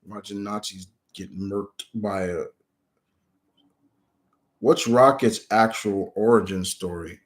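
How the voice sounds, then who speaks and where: A man's voice: lowish voice, fairly even intonation, slow pace, pauses often. A man streaming live, answering viewers' questions in a rambling, casual way with many restarts.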